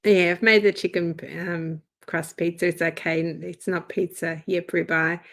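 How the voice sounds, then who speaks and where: An older woman co-hosting a casual livestream chat, easygoing, with short replies and soft chuckles. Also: on the low side, flat delivery, moderate pace. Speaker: co-host of a livestream show.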